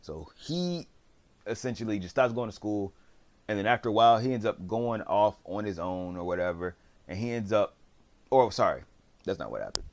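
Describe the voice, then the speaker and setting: Slangy, rambling man with a lowish voice. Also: animated, moderate pace. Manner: slangy, rambling storyteller who acts out quotes. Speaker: drama reviewer. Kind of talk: casual recap of a TV series.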